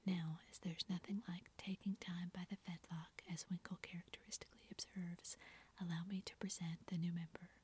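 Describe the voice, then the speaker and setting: A woman whispering an eager girl who plays a gentleman at a club meeting, as whispered role-play. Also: lowish voice, little pitch movement, moderate pace, a little hiss or hum, lightly acted. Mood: earnest. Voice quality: breathy whisper.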